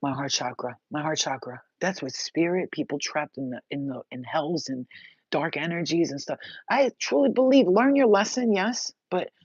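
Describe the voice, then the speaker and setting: A woman's voice: sits low, normal speed, husky, no echo. A woman giving a spiritual message monologue, intense and blunt, swearing freely as she talks. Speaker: spiritual reader. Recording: dull, dry lo-fi sound.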